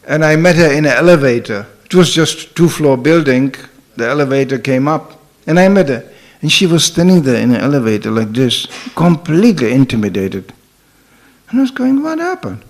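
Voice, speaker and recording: A man's voice: mid-range voice, brisk. An older man giving a spiritual talk, telling humorous anecdotes in a chatty way and often saying "you know". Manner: humorous, laughs at his own stories. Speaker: spiritual teacher. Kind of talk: sermon storytelling.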